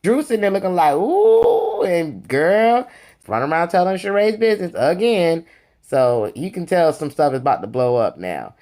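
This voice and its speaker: Chatty, sassy reality-TV recapper. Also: normal speed. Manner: chatty and sassy, addresses viewers as "you guys" and "honey"; lively, swings between excited highs and low asides. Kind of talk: casual gossip recap.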